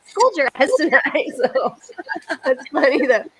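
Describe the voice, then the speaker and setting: A middle-aged woman from the United States hosting a casual talk, telling animated stories and laughing often. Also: sits high, a little slow, poor audio. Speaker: host. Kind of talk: casual chat.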